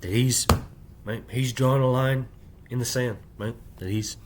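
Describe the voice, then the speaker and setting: A man in a rambling personal monologue, speaking in halting, clipped fragments and tagging nearly every phrase with "right?" in a confrontational way. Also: mid-range voice, fairly even intonation, a little hiss or hum. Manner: insistent, confrontational address. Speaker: vlogger.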